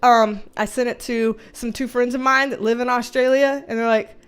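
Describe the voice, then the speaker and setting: A woman hosting a casual livestream, reading the chat aloud in a giggly, chatty, easily excited way. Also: fairly high pitch, moderate pace, clear, resonant tone.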